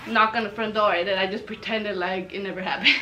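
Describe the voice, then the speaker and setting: A young woman telling a funny personal story to camera in a casual, animated way, swearing freely and acting out what everyone said. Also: medium pitch, brisk, low-quality recording. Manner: animated, swears freely, acts out quoted lines. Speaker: storytelling vlogger.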